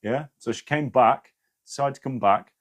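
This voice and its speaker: A man's voice: mid-range voice, normal speed. A man hosting a live stream, giving casual spiritual advice to viewers, swearing freely and often checking in with "yeah?".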